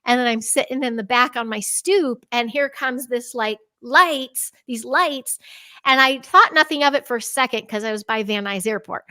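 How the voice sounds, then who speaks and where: A middle-aged woman from the Chicago area shares personal stories as a podcast guest. She speaks in a fairly high, lively voice and laughs often. Her voice sounds dry and close. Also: normal speed, no echo. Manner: animated, laughs often, acts out her own past words in a bright high voice. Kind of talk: personal storytelling in a conversational interview.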